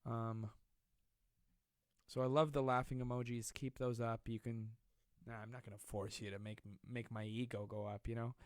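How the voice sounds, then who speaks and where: Using a close desk mic with no echo, a man speaks at normal speed in a medium-pitched voice with little pitch movement. He's hosting a casual, comedic live stream from home during quarantine, self-mocking and joking as he drifts between stories and reading comments.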